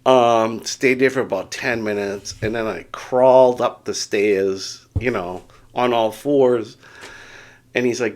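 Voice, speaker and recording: A middle-aged man tells a story on his vlog in an unpolished, rambling way, with frequent chuckles and self-deprecating asides. His voice sits at an everyday mid pitch. He sounds like someone still getting over a spell of dizziness. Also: measured pace. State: recovering from dizziness. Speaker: vlogger.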